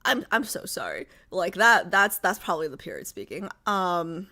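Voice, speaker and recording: A woman's voice: lowish voice, very animated, normal speed, bright, forceful tone. A young woman hosting a livestream, chatting casually with viewers in a rambling, filler-heavy way. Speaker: livestream host. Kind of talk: casual chat with live viewers.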